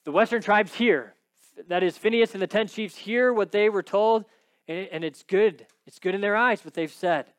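A man's voice: high voice, moderate pace, clear, resonant tone, dry recording. A man preaching a sermon, teaching emphatically and often checking in with his listeners. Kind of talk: sermon with scripture reading.

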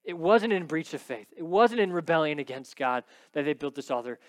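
High-voiced emphatic male preacher. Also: lively intonation, brisk, dry recording. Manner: emphatic teaching tone, often checks in with "right?". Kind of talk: sermon with scripture reading.

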